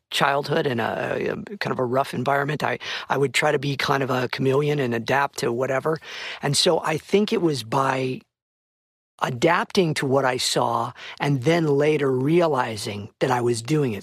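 Voice actor guest, American man, husky, dry close sound. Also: mid-range voice, dry recording. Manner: animated, slips into voice demos. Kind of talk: casual podcast conversation.

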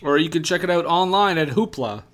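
A man co-hosting a comedy podcast, playing the straight man with quick asides. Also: on the high side, lively intonation, background noise. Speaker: podcast co-host. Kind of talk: casual comedic chat.

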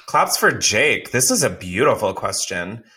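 A man hosting a podcast in casual chat, laughing often and telling stories with swearing and animated energy. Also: lowish voice, unhurried, background noise. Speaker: podcast host.

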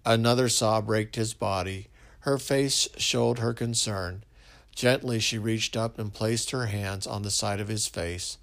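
Male storyteller, slow and measured, low gravelly voice. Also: fairly bright tone. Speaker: narrator. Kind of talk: story narration.

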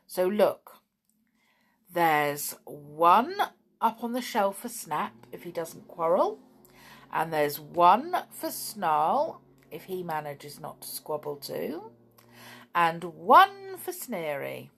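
Lady doing a sweet old dame, gentle and pleading, husky, all over the place in pitch. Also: very animated, slow, full character voice.

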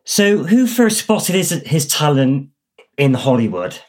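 A man with a Bristol accent interviewing an author, asking measured, thoughtful questions. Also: a little high, sing-song, darkish tone.

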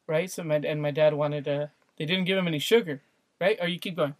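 High-voiced young man, chiming in. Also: steady tone, brisk, no echo. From California. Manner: chimes in, finishes the other host's stories. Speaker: podcast co-host. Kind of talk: casual chat.

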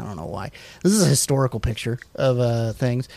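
A man co-hosting a casual chat, reading facts off slides in a relaxed, rambling way with many fillers and restarts. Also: mid-range voice, a little fast, vocal fry, few pauses, dry recording. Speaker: podcast co-host.

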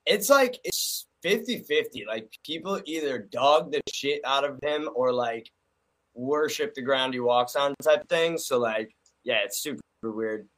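A man's voice: medium pitch, expressive, a little slow, fairly bright tone, rough recording. Chill guy from cleveland, kinda hesitant and drawly, just chatting on a podcast. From Cleveland, USA. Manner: laid-back, hesitant, drawling. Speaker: guest rapper. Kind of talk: casual comedy podcast chat.

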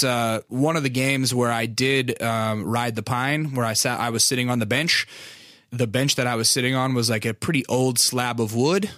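A man's voice: mid-range voice, a bit bright, no echo, studio quality. A young man hosting a podcast, telling a rambling, self-mocking story with crude humor in a casual way. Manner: rambling, laid-back, crude humor, laughs at himself. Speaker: podcast host.

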